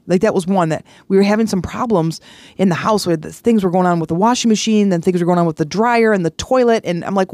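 A woman's voice: mid-range voice, fast, darkish tone, dry recording. A woman podcast host and life coach giving a motivational self-help talk, earnest and encouraging, often repeating words for emphasis.

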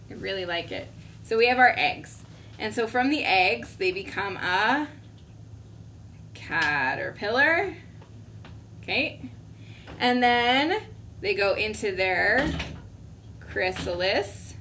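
A woman preschool teacher reading a story and teaching young children, gentle and asking them questions. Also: medium pitch. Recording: distant mic, faint room noise.

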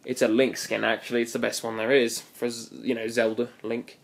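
A man talks his way through a game session in a loose, rambling way, stopping and restarting mid-sentence and drifting from one tangent to the next. His voice sits at an ordinary middle pitch for a man. He is playful and likes to exaggerate for fun. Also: level tone, fairly quick, vocal fry. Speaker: gaming video host. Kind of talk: casual gameplay commentary.

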